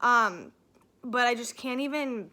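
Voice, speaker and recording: A young woman, a nursing student, talking in an emotional personal vlog, tearful and halting, with many fillers and restarts. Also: a little high, bright, forceful tone. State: emotional, near tears. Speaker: nursing student sharing a testimonial.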